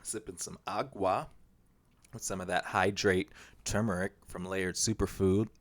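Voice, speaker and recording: In a relaxed monologue for his solo podcast, a man with a low voice keeps a steady tone and a measured pace. He muses and rambles, using plenty of fillers along the way.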